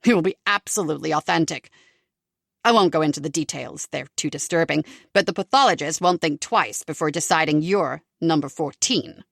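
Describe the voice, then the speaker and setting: A woman voicing a cold, calculating male killer who speaks low and quietly. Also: fairly quick, vocal fry, no room sound, studio quality. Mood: menacing.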